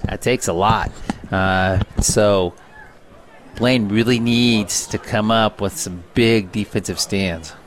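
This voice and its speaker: A man's voice: lowish voice, steady tone, slow pace. Brief male color analyst, rambling, lots of "you know", casual radio chat. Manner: chatty, many fillers like you know and uh. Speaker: color commentator. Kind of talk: radio sports color commentary.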